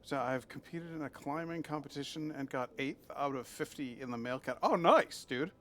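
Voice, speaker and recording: This male streamer's voice runs on the high side with a fairly bright tone, and he keeps a moderate pace. He plays a video game live, teasing viewers and cooing at the creatures, all in casual chat over slight background noise.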